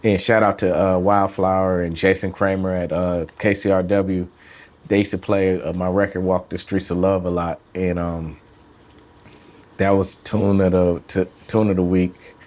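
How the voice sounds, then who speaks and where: A man's voice: low-pitched, little pitch movement, moderate pace, a little mellow. A man, a musician guest, talking about his career in casual, slangy interview chat, often trailing off and restarting. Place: studio.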